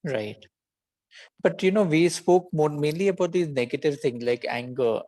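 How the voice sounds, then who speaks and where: A man's voice: a little high, expressive, normal speed, a little mellow, dry recording, poor audio. A man in a casual discussion who talks hesitantly, filling his sentences with "you know" as he checks his understanding. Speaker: conversation partner asking questions.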